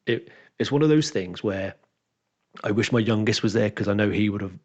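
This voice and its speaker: A man's voice: fairly low pitch, fairly quick. A man, a dungeon master and podcast co-host, chatting casually and animatedly acting out what his players said. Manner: animated storyteller who acts out what players said. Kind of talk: casual chat, telling a game story. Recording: dull lo-fi recording.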